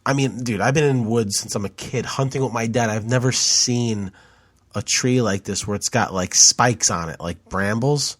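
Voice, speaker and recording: A man's voice: mid-range voice, normal speed, fairly bright tone, no echo. A man co-hosting a podcast, telling stories in a laid-back way and swearing often. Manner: laid-back storyteller, swears, says bro and dude. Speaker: podcast co-host. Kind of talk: casual chat.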